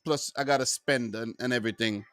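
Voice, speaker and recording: A man hosting his own football review channel, talking casually and loosely, full of asides and shout-outs to viewers. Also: medium pitch, brisk, no room sound. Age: adult with wife and three kids.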